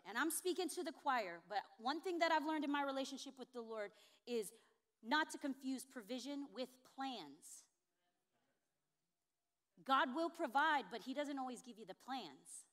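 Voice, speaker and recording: A woman pastor preaching with a notably high voice. Her delivery is expressive, and it rises to emphatic, ringing peaks. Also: normal speed. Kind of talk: sermon.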